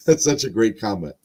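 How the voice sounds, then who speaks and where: Young male podcast host, mid-pitched, loose rambling delivery full of filler. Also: dark tone. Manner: rambling, lots of ums and uhs. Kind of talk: casual sports podcast chat.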